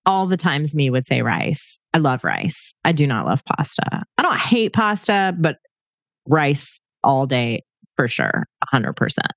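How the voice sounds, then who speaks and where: A woman's voice: low voice, big pitch swings, unhurried, creaky, no room sound, studio quality. A woman in her forties hosting a podcast, chatting playfully with her sister and laughing often. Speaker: podcast host. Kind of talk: casual chat between sisters.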